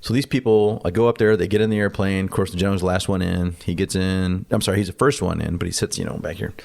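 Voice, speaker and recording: A man with a lowish, gravelly voice tells a story in a podcast interview. He is animated and blunt, with salty language, and he acts out the other people's lines as he goes. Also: fast. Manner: animated, acts out quoted dialogue. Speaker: podcast guest. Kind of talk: conversational storytelling.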